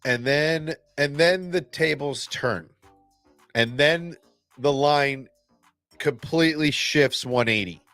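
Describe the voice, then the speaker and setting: A man hosting a casual fan reaction video, excitable and blunt, swearing and restarting his sentences often. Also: a little high, slow, dry recording, faint music behind.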